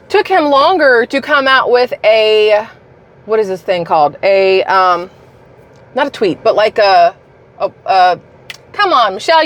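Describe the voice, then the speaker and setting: Heated, profane woman ranting. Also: fairly high pitch. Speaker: political commentary vlogger. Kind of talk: ranting political commentary.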